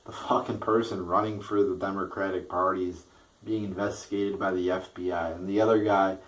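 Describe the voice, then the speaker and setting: A man with a low, deep voice rants about politics, swearing freely and tripping over his own words as he pushes ahead. He sits a little back from the microphone, so his voice sounds slightly distant. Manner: heated, profane, repeats and restarts words. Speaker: political vlogger. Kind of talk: ranting political commentary.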